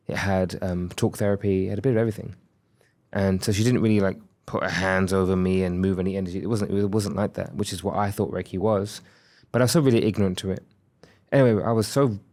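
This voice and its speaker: A man's voice: fairly low pitch, a little mellow. A man in his thirties, a podcast guest, telling a candid, reflective personal story and acting out the dialogue he quotes.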